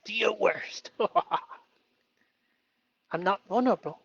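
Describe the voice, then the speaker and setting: A man hosting a live stream, talking through his feelings in an earnest, halting way with many fillers. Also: sits high, a bit bright, husky, no room sound, dull audio. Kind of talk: emotional self-reflective live stream.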